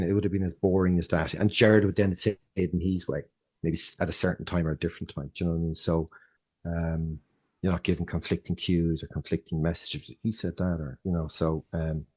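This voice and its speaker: A middle-aged Irish man with a low, husky voice tells coaching stories in a loose, rambling way, often circling back to restart his sentences. The recording is slightly dull and lo-fi. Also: darkish tone. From Ireland. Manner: rambling storyteller who restarts often and acts out quotes. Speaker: athletics coach. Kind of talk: casual interview.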